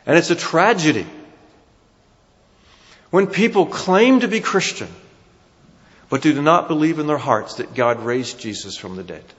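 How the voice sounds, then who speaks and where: A male preacher with a New Jersey accent delivers a sermon with emphatic rises and falls. His voice sits a bit high for a man. The recording is dull and carries a long hall echo. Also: lively intonation, unhurried, pauses often. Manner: emphatic, rising and falling for emphasis.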